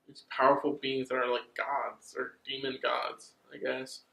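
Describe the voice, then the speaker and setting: A man's voice: mid-range voice, vocal fry, roomy sound, poor audio. A man casually recapping an anime plot, swearing often and getting worked up. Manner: excited, swears a lot, drawn-out pauses. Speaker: anime reviewer.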